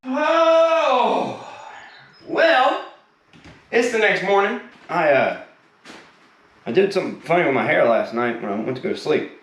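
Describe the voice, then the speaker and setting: DIY vlogger, chatty and rambling, animated voice, outdoor noise behind him. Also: male voice, a little high, brisk, low-quality recording. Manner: rambling and joking, given to side rants. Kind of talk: casual workshop chat. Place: outdoors at a backyard project.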